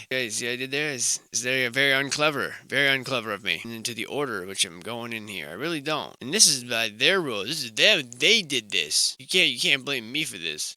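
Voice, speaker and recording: A man's voice: medium pitch, smooth, no room sound. A young man giving rambling, self-mocking comic commentary over a photo slideshow. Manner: wry, self-mocking, tangent-prone, animated swings in loudness.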